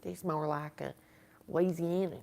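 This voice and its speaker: A woman with a low, gravelly voice chats on her livestream from her apartment. She rambles freely, sometimes murmuring quietly, sometimes greeting viewers with excitement. It sounds like a phone or webcam at home. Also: moderate pace. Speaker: livestream host. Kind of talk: casual livestream chat.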